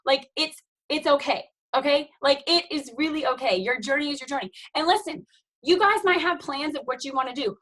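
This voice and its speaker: A woman's voice: sits high, brisk, a bit bright, low-quality recording. A woman, likely in her thirties, giving an emphatic, preachy motivational talk to her team on a video call, full of "you guys" and "okay?". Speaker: team leader speaking on a team call.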